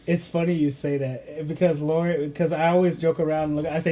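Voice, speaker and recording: A man with a notably high voice banters on a casual podcast, teasing and egging on his co-hosts. His delivery is jokey and pushy. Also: little pitch movement, fairly quick, few pauses, dark tone. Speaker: podcast co-host. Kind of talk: casual chat.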